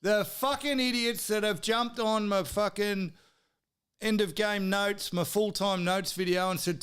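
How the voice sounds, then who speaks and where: An Australian man hosting a podcast, delivering a heated, profanity-filled sports rant and sometimes breaking into shouts. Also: sits high, unhurried, clean tone. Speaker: podcast host.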